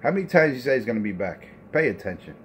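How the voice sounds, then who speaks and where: A man's voice: medium pitch, very animated, fast talker, background noise. A man trash-talking over the radio, taunting and repeating himself, with plenty of profanity. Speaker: CB radio talker.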